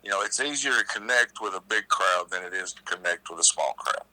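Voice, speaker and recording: Real low-voiced guy, sharp edgy tone, keeps going you know, stumbles on words. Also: lively intonation, no echo, rough recording. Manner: halting, repeats words, many you-knows. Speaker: podcast guest, wrestler. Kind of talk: casual interview chat.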